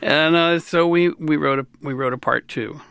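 A man in his sixties from the United States, a musician guest in an interview, talking in a rambling, animated way and laughing often. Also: fairly high pitch, moderate pace, vocal fry, clear, resonant tone, no room sound. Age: 60s. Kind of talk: casual interview talk.

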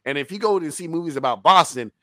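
A man's voice: on the high side, expressive, fast, sharp tone, dry recording. A man co-hosting a movie review podcast in casual chat, emphatic, swearing freely and laughing often.

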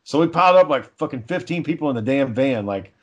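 A man's voice: medium pitch, expressive, fast talker, dull audio. A man in casual chat, telling stories in a laid-back way, swearing often and chuckling.

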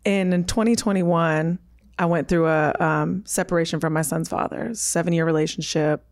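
A woman's voice: lowish voice, steady tone, moderate pace. A woman in her thirties, a podcast guest, telling a personal story candidly and with emphasis, acting out her own quoted words.

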